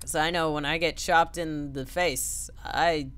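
A woman's voice: low-pitched, fairly even intonation, measured pace, fairly bright tone, clean tone, faint music behind. A woman commentating on a video game, playful and joking, often yelping. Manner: playful, yelps and jokes. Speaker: gaming commentator. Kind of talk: let's play commentary. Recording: background noise.

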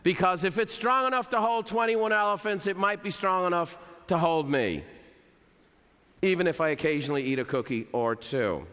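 Energetic man in a reverberant hall. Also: high-pitched, normal speed, clear, resonant tone. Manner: energetic, storytelling, repeats for emphasis. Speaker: keynote speaker. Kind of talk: motivational business talk.

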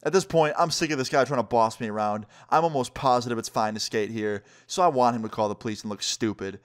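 A man telling a story to his viewers in a casual, animated way, swearing freely. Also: mid-range voice, quick pace. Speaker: vlogger.

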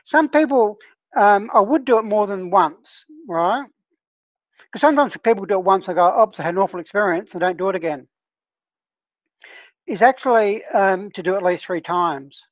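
Leading a discussion group, a plant medicine healer speaks at normal speed in an expressive, mid-range voice on a dry recording. The sound is a dull lo-fi call line, and her casual teaching talk is earnest and conversational, dotted with check-ins of "right?"

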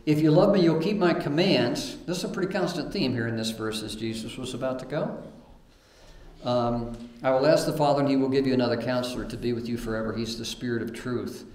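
Guy preaching in a church, middle pitch, echoey room, reads verses and stumbles over his starts. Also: brisk, a little mellow. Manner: reads scripture aloud with fillers and repeated starts. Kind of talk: sermon. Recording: roomy echo.

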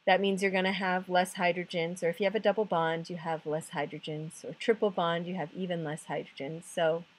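A woman with a slightly husky, breathy voice walks through a chemistry lesson one step at a time. She counts aloud as she goes and pokes fun at herself. Her voice sits a little low. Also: level tone, fairly quick. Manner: self-deprecating humor. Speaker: chemistry tutor.

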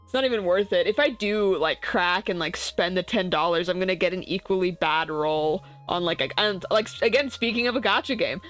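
A woman's voice: mid-range voice, fairly bright tone. A woman chatting casually on a livestream, rambling with frequent restarts and trailing asides. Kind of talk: casual chat.

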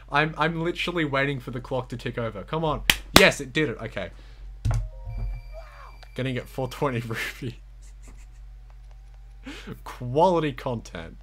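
A man's voice: mid-range voice, expressive, normal speed, pauses often, bright, forceful tone. A young man giving giggly, self-mocking live-stream commentary as he plays a game, talking to the screen.

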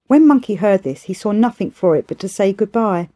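Woman narrating an old tale, steady and measured, mellow tone. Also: mid-range voice. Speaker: audiobook reader. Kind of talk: storybook narration.

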